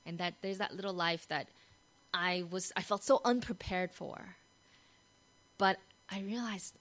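A woman giving a devotional talk. She tells the story animatedly, often asks "right?", and moves from soft, hushed passages to loud, excited ones. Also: fairly low pitch, unhurried, pauses often, low-quality recording. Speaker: Christian devotional speaker.

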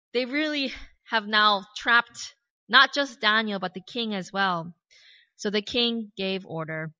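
An Australian woman preaching a sermon, retelling a Bible story with lively storytelling and casual asides. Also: mid-range voice, dry recording. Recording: dry, slightly dull recording.

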